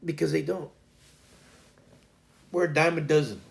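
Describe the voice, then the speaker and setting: A gravelly, slightly high-pitched man chats casually on his livestream. He rambles through a shop story and plays both sides of the conversation himself. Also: steady tone, unhurried. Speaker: livestream host.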